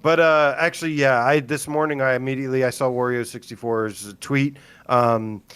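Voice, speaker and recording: A man's voice: mid-range voice, steady tone, moderate pace, fairly bright tone, smooth, no room sound. A man co-hosting a casual livestream, laid-back, laughing often and filling gaps with 'like' and 'um'. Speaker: podcast co-host.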